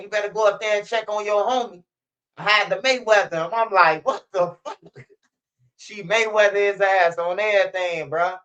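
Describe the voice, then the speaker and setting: A man's voice: high-pitched, fairly bright tone. A man from Chicago hosting a commentary channel, telling stories in slangy street talk and acting out what people said. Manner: slangy storytelling, acts out quotes. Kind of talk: casual street-news commentary. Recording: dull lo-fi sound.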